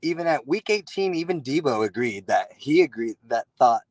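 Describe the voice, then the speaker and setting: A man calling in to a sports show, talking in an earnest, excitable way and repeating himself for emphasis. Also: mid-range voice, normal speed, dry recording, low-quality recording. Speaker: caller, football fan. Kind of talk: call-in conversation.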